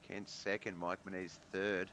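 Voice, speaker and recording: A man with a low voice calls a sim race from his home streaming setup, easygoing and thinking aloud as he goes. His desk mic picks up a clear bed of noise behind him. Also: level tone, normal speed, bright, forceful tone. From Australia. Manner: laid-back play-by-play, thinking aloud. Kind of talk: sim racing commentary.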